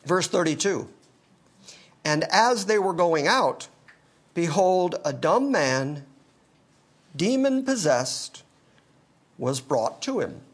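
A male pastor preaching an expository sermon, animated and teaching verse by verse, with dry humor. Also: high-pitched, slow, long pauses. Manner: animated, quoting scripture in character, dry humor.

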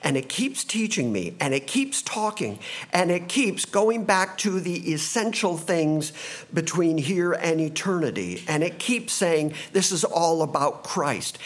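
A man with a fairly high voice preaching a sermon as a pastor. His pitch swings widely as he preaches, and he sometimes acts out confused voices from the passage. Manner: animated preaching, acting out disciples' confused voices.

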